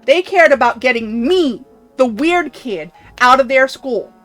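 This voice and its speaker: A woman voicing a bitter, resentful former school outcast who speaks in a loud, accusing way. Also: sits high, lively intonation, a little slow, faint music behind. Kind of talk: voicing game dialogue.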